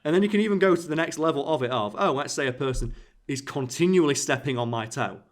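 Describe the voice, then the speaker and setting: A man's voice: a little high, fast. A man hosting a casual podcast chat, explaining his points through everyday analogies and acting out short quoted exchanges. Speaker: podcast host. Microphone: podcast microphone.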